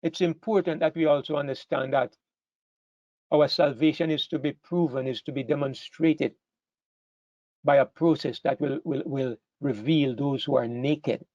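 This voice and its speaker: A man's voice: mid-range voice, fairly even intonation, moderate pace, a little mellow, no echo. Earnest male preacher, dull dry sound. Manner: earnest, repeats phrases, rises to emphatic peaks. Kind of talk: sermon to a congregation. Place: church hall with a live congregation.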